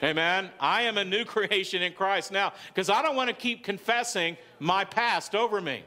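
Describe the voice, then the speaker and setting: A male pastor with a Southern US accent preaches a conversational sermon in a church sanctuary, drawing frequent calls of "amen" from his congregation. His voice is high and sharp, and his pace is moderate.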